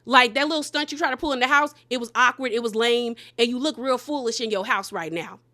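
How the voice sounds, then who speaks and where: A woman recaps reality TV gossip in a loose, animated way, full of slang and sassy asides. Her voice sits a little high and rings bright and forceful. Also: fairly quick. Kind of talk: casual gossip recap commentary.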